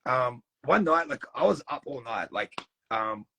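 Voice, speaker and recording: A man's voice: mid-range voice, animated, measured pace, creaky, pushed and bright, poor audio. A young Australian man chatting casually, telling rambling stories and swearing freely. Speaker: reality show contestant.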